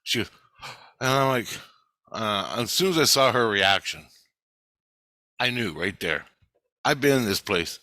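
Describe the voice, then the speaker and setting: A man telling a dream in casual, profane storytelling, swearing constantly and getting animated as he retells it. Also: fairly low pitch, unhurried, long pauses, no echo.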